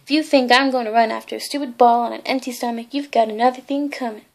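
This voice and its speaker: A woman's voice: fairly high pitch, steady tone, fast, natural voice. A woman voicing a lazy, greedy, sarcastic male cartoon cat while reading a storybook aloud, grumbling in a dry tone.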